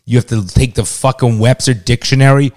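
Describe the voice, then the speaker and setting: A man's voice: mid-range voice, steady tone, brisk, darkish tone. A middle-aged man, a father, arguing heatedly with his son, exasperated, swearing and talking over him. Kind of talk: heated family argument.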